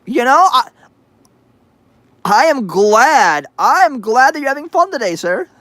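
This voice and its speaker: A man's voice: very high voice, sing-song, unhurried, sharp tone, dry recording. A man hosting a livestream, reading chat aloud with crude sarcasm and frequent hesitations. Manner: sarcastic, profane, hesitant with many uhs.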